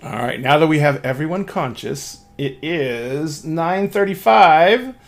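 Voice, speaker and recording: Rambling, higher-voiced male game master. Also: animated, a little slow, creaky. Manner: casual, rambling, swears, laughs at himself. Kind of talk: narrating a tabletop game, streaming.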